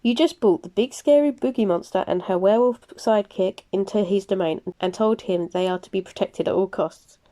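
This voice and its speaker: Lady playing a dry amused vampire guy, mellow low-key storybook voice. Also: fairly quick, few pauses, close to an everyday voice. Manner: sardonic, amused.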